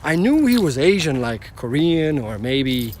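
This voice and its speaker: A man's voice: a little high, very animated, measured pace, darkish tone, a little hiss or hum. Rambling man telling a story on a live stream. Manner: rambling, restarts often, casual swearing.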